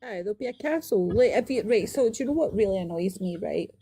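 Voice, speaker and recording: A woman chatting casually on a live stream, telling animated stories and checking in with "right?" as she goes. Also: medium pitch, fast talker, slightly rough, soft background music. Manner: animated storytelling, frequent "right?" tags. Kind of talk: casual chat.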